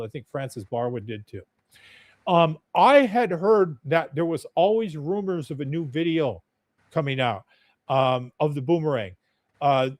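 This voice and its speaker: A man's voice: on the high side, no echo, clean studio sound. A man telling a story as a podcast guest in a blunt, chatty, profane way. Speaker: podcast guest, UFO videographer. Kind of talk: casual storytelling.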